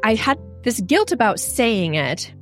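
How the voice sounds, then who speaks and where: A woman's voice: fairly high pitch, very animated, unhurried, faint music behind. Earnest middle-aged woman telling her story. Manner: earnest, reflective, many "like" fillers. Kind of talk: candid storytelling.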